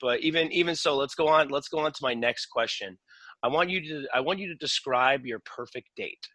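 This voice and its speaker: A man hosting a casual podcast chat, talking in a halting way with many restarts and casual swearing. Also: mid-range voice, bright, forceful tone, dry recording. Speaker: podcast host.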